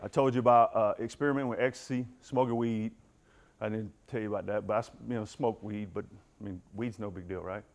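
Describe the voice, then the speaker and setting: A man's voice: lowish voice, fairly even intonation, fast. A middle-aged man giving a candid personal recovery talk to a football team, telling his story and addressing the room directly. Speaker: motivational speaker.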